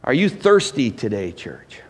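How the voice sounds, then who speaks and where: A man preaching a sermon as pastor, animated and swinging between loud emphasis and hushed asides. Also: mid-range voice, a little slow, long reverb tail.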